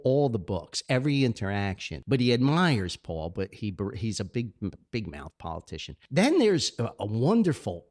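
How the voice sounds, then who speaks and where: A man's voice: lowish voice, darkish tone. An older man, a podcast host and author, chatting casually about characters he wrote, often laughing and amused. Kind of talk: casual chat about his own book characters.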